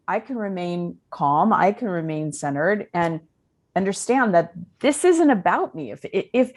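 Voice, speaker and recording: Female life coach guest, earnest and chatty, lowish pitch. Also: a little mellow. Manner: earnest, talks in spiritual self-help terms with many fillers. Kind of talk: podcast interview conversation.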